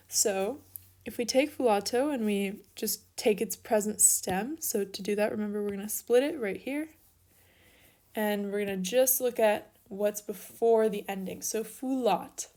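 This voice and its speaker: A young woman teaches a recorded grammar lesson in a mid-range, dark-toned voice. She patiently explains each step while writing out examples.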